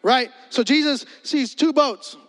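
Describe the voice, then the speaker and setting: Pastor guy preaching, really high voice, joking around, echoey church hall. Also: a little slow. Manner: animated, joking, conversational. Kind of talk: energetic comedic sermon.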